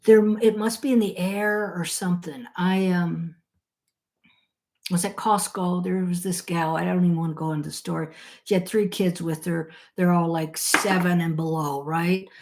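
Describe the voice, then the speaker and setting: A woman's voice: lowish voice, steady tone, moderate pace, a little mellow. Candid, rambling woman co-host on a call. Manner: candid, rambling storyteller who swears freely. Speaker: podcast co-host. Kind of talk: casual chat. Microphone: phone or call audio.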